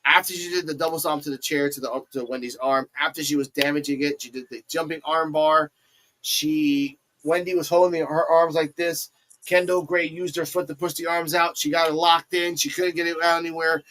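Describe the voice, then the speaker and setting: A fairly high-voiced man runs through a wrestling match move by move. He gets animated, jumping into squeaky put-on voices whenever he quotes someone. He talks like a host holding the floor on his own show. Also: a little fast, a little hiss or hum, poor audio. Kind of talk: excited play-by-play recap.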